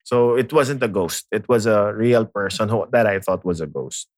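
A man with a Filipino accent telling a story in casual, animated chat, switching languages and using lots of filler tags. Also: on the low side, normal speed, no echo, clean studio sound.

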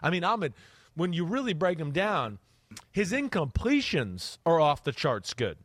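Man, podcast host, fairly high voice, animated, acts out plays, dry close mic. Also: measured pace, dry recording. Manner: animated, acts out quarterback reads with sound effects. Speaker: podcast host and quarterback analyst. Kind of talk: casual podcast chat.

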